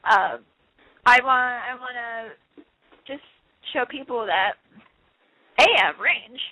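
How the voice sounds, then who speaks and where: A woman's voice: fairly high pitch, lively intonation, slow, bright, forceful tone, poor audio. A young woman in a casual interview, talking in a bubbly, quirky way and laughing often. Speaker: interview guest, wrestler. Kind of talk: casual chat.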